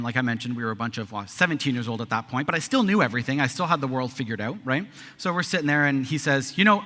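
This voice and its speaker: Bright-voiced man in echoey hall. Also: mid-range voice. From Canada. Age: 30s. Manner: conversational, often adds a tag question. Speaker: conference speaker. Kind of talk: speech to a live audience. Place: large conference hall.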